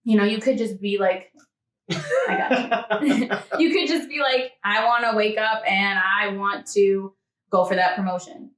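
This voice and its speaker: In a very noisy, echoey recording from a distant mic, a woman fitness model chats as an interview guest at medium pitch and a little slow. She's talkative, laughs frequently and performs small quoted lines.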